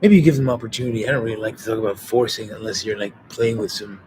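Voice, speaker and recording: A man talking in a loose, rambling monologue, swearing and quoting other people in quick voices. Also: lowish voice, fairly even intonation, a little mellow, a little hiss or hum.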